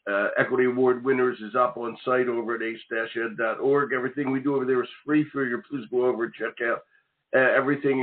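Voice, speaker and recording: Chatty talk radio host, phone-like sound. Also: male voice, mid-range voice. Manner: chatty, rambling.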